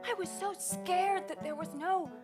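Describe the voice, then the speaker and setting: A woman's voice: extremely high pitch, a little slow, over music. A woman playing Petunia, a naive, cheerful young woman with a New York accent, in an improvised musical comedy. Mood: eager.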